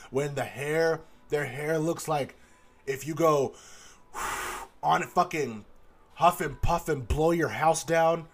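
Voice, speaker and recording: A man hosting a podcast from a studio booth, delivering a profane, animated comedic rant and mimicking the people he describes. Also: fairly high pitch. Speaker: podcast host.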